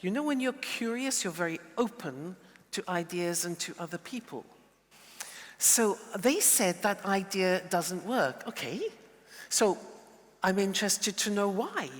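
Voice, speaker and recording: A man's voice: high-pitched, a little slow. Man teaching in an echoey hall. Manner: lively, playful, animated demonstrations. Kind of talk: lecture with role-play. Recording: long reverberant hall.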